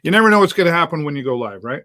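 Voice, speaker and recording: A man's voice: fairly high pitch, lively intonation, racing, sharp tone, no echo. Chatty middle-aged male host, dry sound. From Canada. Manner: chatty, upbeat, many fillers. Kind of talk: casual live show talk.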